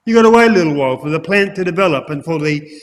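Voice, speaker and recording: A man preaching an expository sermon, emphatic, repeating key phrases and addressing his listeners as ladies and gentlemen. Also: fairly high pitch, expressive, racing. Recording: long hall reverb.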